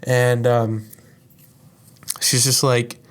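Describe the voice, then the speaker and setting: A young male podcast host tells a personal story in a loose, rambling monologue, his mid-range voice flat and his words drawn out. He swears a lot, fills gaps with fillers, and says "like" constantly.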